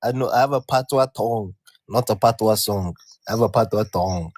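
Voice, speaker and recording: A man's voice: on the low side, fairly quick, a little mellow, no echo, clean studio sound, soft background music. A man in a casual group voice chat, teasing the others in slangy talk and mock patois. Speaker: chat participant.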